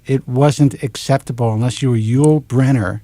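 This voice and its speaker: A man in his forties with a New York accent, hosting a talk show and ranting in an animated, exasperated monologue into a close studio mic. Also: medium pitch, moderate pace, no room sound. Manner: animated, exasperated, swears in clipped letters.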